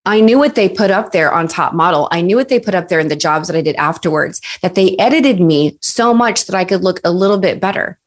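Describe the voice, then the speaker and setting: A woman in her thirties, a guest on an interview show, telling personal stories in a lively way. She uses many fillers and acts out quoted voices. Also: lowish voice, a little fast, few pauses. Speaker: podcast guest, success coach. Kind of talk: casual interview storytelling.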